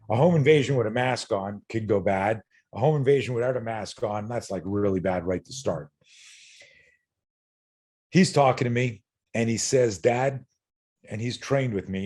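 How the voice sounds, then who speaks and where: A middle-aged man with a somewhat low voice speaks as a guest on a podcast. He is a self-defense instructor who tells his story bluntly and earnestly. He swears without a second thought and repeats words as his feelings build. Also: darkish tone, breathy edge. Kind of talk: candid interview storytelling.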